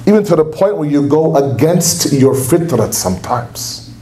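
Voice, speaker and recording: With a fairly high, animated voice at moderate speed, a young man preaches fervently to a religious gathering, loudly acting out quotes. The lecture hall recording is very noisy.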